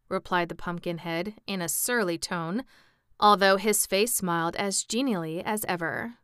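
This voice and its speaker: A woman narrating a children's storybook in a measured, expressive way, adding amused asides. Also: lowish voice, clean tone, dry recording, studio quality. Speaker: audiobook reader.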